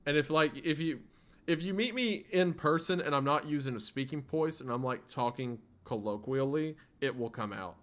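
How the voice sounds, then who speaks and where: A man livestreaming chats with his viewers in a loose, rambling way, with a faint Southern US lilt. His voice sits at an everyday middle pitch and is a bit bright, at normal speed, and he often stops and restarts his sentences.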